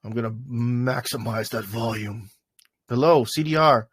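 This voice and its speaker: A man's voice: medium pitch, unhurried, slightly rough, no echo, clean studio sound. A man hosting a livestream, chatting casually in a loose, rambling way full of fillers. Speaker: livestream host. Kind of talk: casual chat. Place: in front of a green screen.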